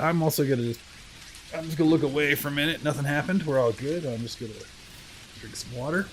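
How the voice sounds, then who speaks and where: A man's voice: on the high side, fast, a little hiss or hum, low-quality recording. A man chatting casually while live-streaming a video game, rambling through asides and poking fun at himself. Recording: game music playing clearly behind.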